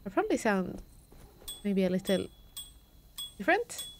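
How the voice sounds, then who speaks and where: A woman's voice: medium pitch, very animated, moderate pace, a little hiss or hum. A woman streamer chatting casually and reacting aloud as she plays a game live. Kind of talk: live gameplay commentary.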